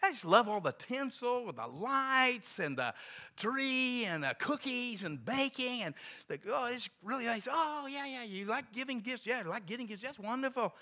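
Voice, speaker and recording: A man's voice: extremely high pitch, expressive, normal speed, sharp tone, voice pushed up, heavily acted. A man voicing a breezy woman hotel clerk in her forties who gushes about holiday trimmings. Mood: cheerful, gushing.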